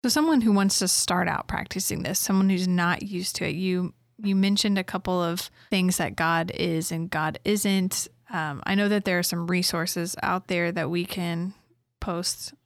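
A woman host asking thoughtful, measured interview questions. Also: lowish voice, fairly even intonation, no room sound, clean studio sound. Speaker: podcast host.

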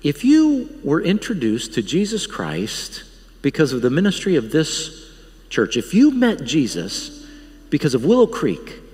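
A man quoting a calm, solemn woman worship director. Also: a little high, unhurried, long reverb tail.

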